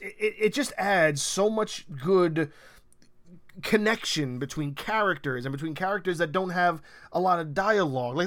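Excited man rambling about a show. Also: high voice. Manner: rambling, excited, swears casually. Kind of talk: casual recap of a TV show.

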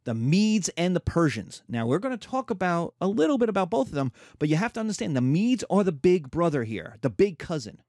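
Brief: male history lecturer, animated, a bit high, acts out characters. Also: a little fast, hardly any pauses, no echo, clean studio sound. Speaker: history teacher.

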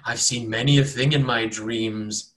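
A man's voice: mid-range voice, steady tone, a little slow, a bit bright, lightly acted. A man voicing a raving, unwashed male cultist hermit who pleads frantically to be cleansed. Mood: frantic.

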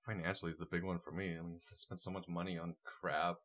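A man's voice: low-pitched, quick pace. A man co-hosting a podcast, chatting casually with lots of fillers. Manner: relaxed, rambling with fillers. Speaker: podcast co-host. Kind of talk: casual chat.

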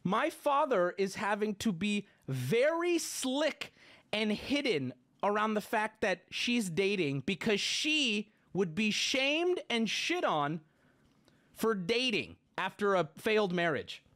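A man's voice: sits high, sing-song, takes it slowly, fairly bright tone. A man in his late twenties, hosting a livestream, ranting indignantly and swearing as he talks. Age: late 20s. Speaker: livestream host. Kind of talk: casual livestream rant.

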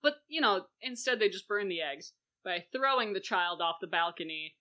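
A woman co-hosting a casual chat about a play, animated and gushing, with sarcastic asides. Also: medium pitch, moderate pace. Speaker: podcast co-host.

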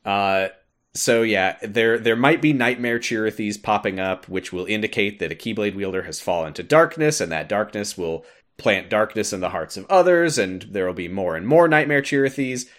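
A man hosting a podcast, recapping a game in an animated storytelling way. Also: fairly low pitch, normal speed. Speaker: podcast host.

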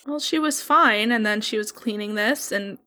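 A woman's voice: mid-range voice, moderate pace, sharp tone, close to an everyday voice. A woman voicing a nervous male museum worker who hesitates a lot. She barely changes her own voice for him. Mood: flustered. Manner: hesitant, full of ums and uhs.

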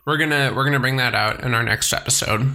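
A man's voice: mid-range voice, fast, bright, forceful tone, a little hiss or hum, rough recording. A man co-hosting a podcast, playfully guiding a snack tasting and cracking jokes. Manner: playful, jokey, guides the tasting. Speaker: podcast co-host. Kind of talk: casual food-tasting chat.

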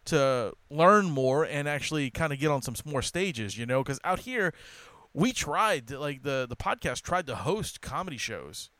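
Laid-back host with a smooth, dry voice. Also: male voice, on the high side, expressive, normal speed, fairly bright tone, dry recording. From New Orleans. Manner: laid-back, swears freely, many fillers. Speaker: podcast host. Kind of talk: casual podcast chat.

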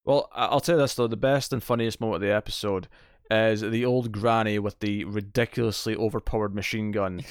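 A man's voice: lowish voice, smooth, no room sound, studio quality. Opinionated British man in casual chat. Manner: animated, opinionated, quick to joke. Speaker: podcast co-host.

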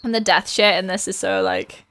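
A woman's voice: medium pitch, moderate pace, a bit bright, dry recording. A woman co-hosting a casual book-discussion podcast who is enthusiastic, swears casually and laughs a lot.

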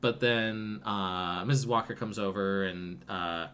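Laid-back, rambling low-voiced man. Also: fairly even intonation, a little slow, sharp tone, a little hiss or hum. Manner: rambling, laid-back, profane, lots of fillers. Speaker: podcast co-host recapping a film. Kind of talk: casual retelling with acted quotes.

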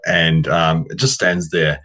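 A man's voice: very deep voice, steady tone, takes it slowly, pushed and bright, low-quality recording. A man narrating his tabletop game turn, rambling and hesitant with many fillers. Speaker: player.

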